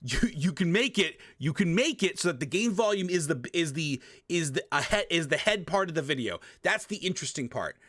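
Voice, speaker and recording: A man's voice: fairly high pitch, a little fast, few pauses, dry recording, studio quality. A man streamer giving a casual, emphatic tutorial, swearing and repeating himself, talking past a desk microphone at his home gaming setup. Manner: emphatic, repetitive, swears, animated sound effects. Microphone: desk microphone, often turned away.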